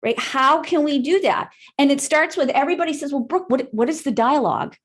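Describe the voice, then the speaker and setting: A woman's voice: sits high, fairly quick, few pauses. Upbeat woman trainer on a video call. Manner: upbeat, keeps asking the group "right?". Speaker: real estate trainer.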